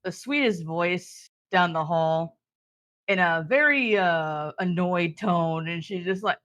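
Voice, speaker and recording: A woman's voice: fairly low pitch, takes it slowly, fairly bright tone. A woman playing a tabletop game, chatting casually and giggling often. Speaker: player.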